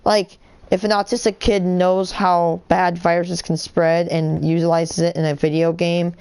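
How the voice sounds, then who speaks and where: A woman with a fairly low voice talks through a live gaming stream. Her delivery is heated and indignant, full of fillers and restarts, and she keeps circling back to her point. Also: little pitch movement, measured pace, darkish tone, clear, resonant tone. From United States. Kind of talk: rambling live-stream rant while gaming.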